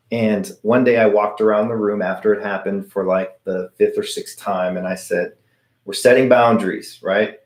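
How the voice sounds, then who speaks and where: A middle-aged man hosts a live question-and-answer stream and answers in a chatty, story-driven way. His voice sits a bit low, and he acts out the voices he quotes. The room around him is echoey. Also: a little mellow. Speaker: host of a paranormal channel answering viewer questions.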